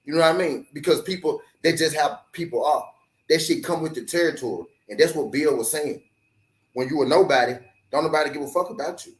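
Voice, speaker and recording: A man's voice: fairly high pitch, fairly quick. Fired-up man ranting in an echoey room. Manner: animated, profane, repetitive, does mocking voices of critics. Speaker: sports talk host. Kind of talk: heated solo rant to camera.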